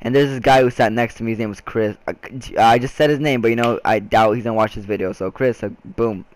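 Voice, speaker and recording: A man's voice: medium pitch, steady tone, fast talker. A young man vlogging a casual storytime, rambling with frequent restarts and filler words.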